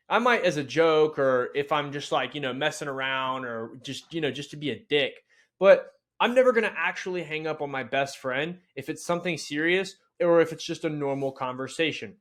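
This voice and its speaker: A man giving a sales training lesson in a blunt, casual, energetic way, with mild swearing. He acts out phone lines with a bright, rising tone. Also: on the high side. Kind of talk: instructional video talk.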